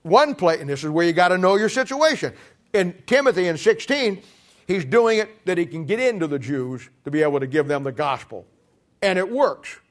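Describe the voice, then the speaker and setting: A man preaching a lively sermon, telling Bible stories with shouted lines, quiet asides and laughter. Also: sits high, moderate pace. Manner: animated, swings from shouting to quiet asides, laughs at his own jokes. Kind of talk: sermon with storytelling.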